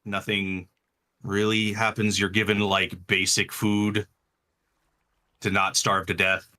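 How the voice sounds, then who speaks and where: Slow-talking guy running a tabletop game, lots of ums, lowish voice with a sharp edge. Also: little pitch movement. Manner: halting, filler-heavy narration. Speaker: game master.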